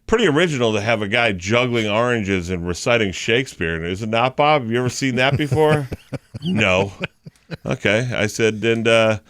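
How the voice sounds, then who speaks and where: A man's voice: mid-range voice, animated, moderate pace, fairly bright tone, dry recording. A man in his fifties, a morning radio host and comedian, telling a long story and acting out the people in it. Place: radio studio.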